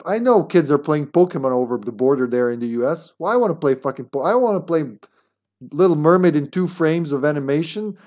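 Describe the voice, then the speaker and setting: A man's voice: a little high, lively intonation, fairly quick, a little mellow. A young man hosting a game stream, ranting in casual chat, swearing and laughing a lot. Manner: rambling, profane, laughs often. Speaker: streamer host. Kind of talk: casual chat while gaming.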